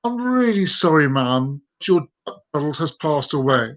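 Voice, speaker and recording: A man voicing an apologetic male vet who calmly delivers bad news. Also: a little high, fairly quick. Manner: sorry, matter-of-fact.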